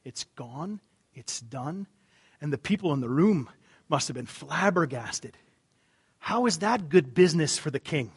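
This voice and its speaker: A man preaching a sermon in a conversational way, asking rhetorical questions and dropping to quiet emphasis on key words. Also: a little high, animated, a little slow, breathy edge. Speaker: pastor.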